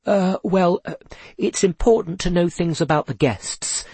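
A jittery young kitchen hand in a storybook, stammering and hesitant as he defends himself, voiced by a male narrator. The tone is husky and dry, close to the mic. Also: on the high side, expressive, brisk, no echo, voice pushed up. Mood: nervous. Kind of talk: storybook reading.

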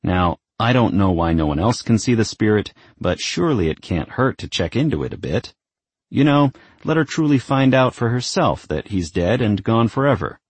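A man's voice: lowish voice, lively intonation, normal speed, breathy edge, no room sound, voice pushed up. A man voicing a blunt, sardonic young man who talks casually and swears. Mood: persuasive.

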